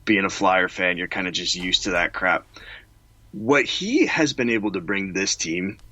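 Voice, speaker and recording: A man's voice: deep voice, expressive, normal speed, sharp tone. A man co-hosting a casual sports podcast, enthusiastic and self-deprecating.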